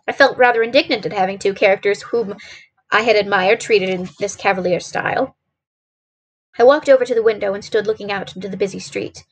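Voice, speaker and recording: A woman's voice: mid-range voice, fairly quick, slightly rough. A woman streamer reading a classic detective novel aloud, narrating steadily with a few small slips.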